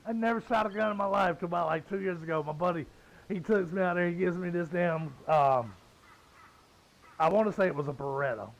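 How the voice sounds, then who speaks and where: A man's voice: high-pitched, fairly quick, gravelly, dull audio. A man in his fifties with a Southern US accent, ranting bluntly and swearing a lot while he plays a game. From Southern United States. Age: 50s. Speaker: gamer. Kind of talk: profane casual rant while gaming.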